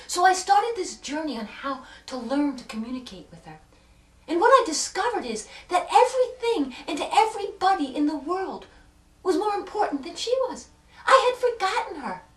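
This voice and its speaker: A woman telling an emotional personal story in an earnest way, pausing for effect and moving between hushed and loud moments. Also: extremely high pitch, sing-song, recorded from a distance. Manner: earnest, with dramatic pauses and swings from hushed to loud. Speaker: self-help speaker. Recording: echoey room, speaker set back from the mic.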